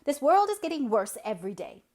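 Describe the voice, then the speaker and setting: A woman's voice: high voice, big pitch swings, a little fast, a little mellow, voice pushed up. Woman doing a sour, scornful old spinster. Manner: scornful, contemptuous.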